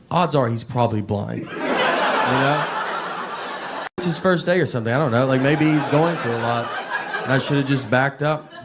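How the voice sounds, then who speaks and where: A man from Tennessee with a Southern accent, doing stand-up with a low-key, deadpan, rambling delivery. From Nashville, Tennessee. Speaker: stand-up comedian. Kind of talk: stand-up storytelling. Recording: noisy live stand-up recording.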